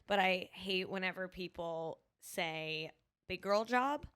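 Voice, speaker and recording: A woman, co-hosting a podcast and telling stories in a giggly, animated way. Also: fairly low pitch, takes it slowly, clear, resonant tone. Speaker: podcast co-host. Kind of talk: casual chat.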